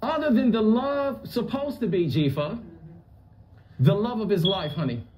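A man's voice: high voice, lively intonation, unhurried, darkish tone. A man hosting a staged confrontation show as a bounty hunter, questioning a couple in a teasing, theatrical way.

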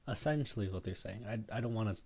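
A man's voice: lowish voice, very fast, darkish tone, a little hiss or hum. Rambling young man telling a story. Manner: rambling, self-deprecating, fills with "right?". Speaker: podcast host. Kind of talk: casual solo storytelling.

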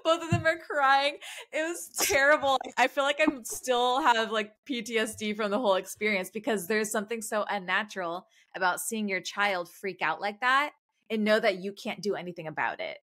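A woman in her thirties co-hosting a podcast, telling a story in animated casual chat and laughing often. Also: mid-range voice, moderate pace. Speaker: podcast co-host.

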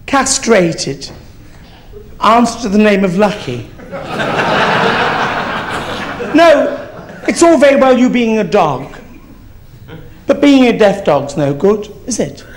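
A man's voice: sits high, very animated, slow pace, long pauses, a crowd in the background, heavily acted. A man playing a brash, gossipy old East End woman, telling rambling, bawdy stories on a theatre stage. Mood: chatty. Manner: bawdy, rambling storytelling with swearing. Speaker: comedian in drag character. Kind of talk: live stand-up character comedy.

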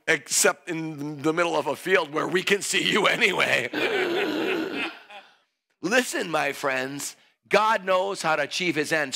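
A man preaching a sermon, telling a story, laughing and rising to shouts. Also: high-pitched. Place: church hall.

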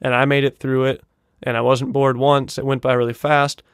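A young man hosting a video-game montage reaction, talking casually, swearing often and bursting out in excited disbelief. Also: medium pitch, normal speed, clean tone, dry recording, clean studio sound. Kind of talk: casual gaming reaction commentary.

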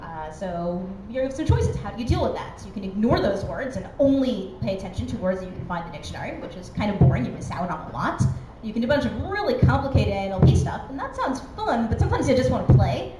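A woman's voice: mid-range voice, big pitch swings, fast talker. A woman giving a conference talk, chatty and self-deprecating, with many fillers. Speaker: conference speaker. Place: conference hall. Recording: echoey hall with background noise.

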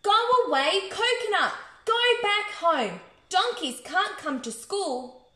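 Stern scolding male schoolteacher, read by a woman, high and animated. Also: slow, heavily acted. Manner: shouting, scolding. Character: stern grumpy male teacher. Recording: echoey room.

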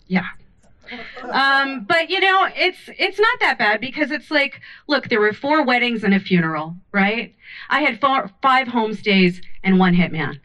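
A woman's voice: a little high, normal speed, highs cut off. A woman performing a stand-up comedy set on a club stage, telling stories animatedly into a handheld mic. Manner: animated storytelling with many voices.

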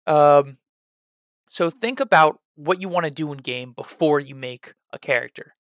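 A man's voice: on the high side, a little slow, no echo. Rambling man with a dry, close sound. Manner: rambling with frequent "uh" fillers; lively, trying out voices as he explains. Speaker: tabletop role-play tutorial host. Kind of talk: casual advice video.

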